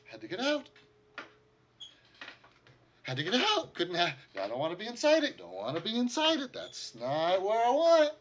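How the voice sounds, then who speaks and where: A man's voice: wildly swooping pitch, fast talker, hardly any pauses, dull audio, noisy background. Man putting on a frantic broken soldier. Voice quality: high, frantic, repetitive muttering. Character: traumatized male soldier, shaky and muttering.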